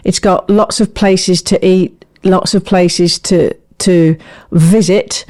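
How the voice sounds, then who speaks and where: A woman's voice: lowish voice, fairly even intonation, warm tone. A woman co-hosting a podcast in playful, joking casual chat. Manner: playful, jokey, quick to laugh. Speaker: podcast co-host.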